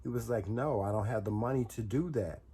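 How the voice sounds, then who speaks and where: A man's voice: fairly low pitch, brisk, mellow, a little hiss or hum. A man casually telling viewers a personal story, rambling and repeating words as he goes.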